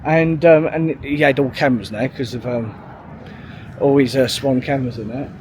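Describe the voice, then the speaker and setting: A man's voice: mid-range voice, normal speed, a little mellow, slight background noise. Rambling, sweary man. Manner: rambling, sweary, full of fillers and restarts. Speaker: vlogger. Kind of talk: casual storytelling monologue.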